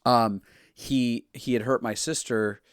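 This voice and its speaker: A man co-hosting a podcast, telling personal stories with animated energy, restarting sentences and acting out what others said. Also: mid-range voice, slow pace, no echo, clean studio sound. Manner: animated storytelling with restarts and acted-out quotes. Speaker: podcast co-host. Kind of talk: casual conversation.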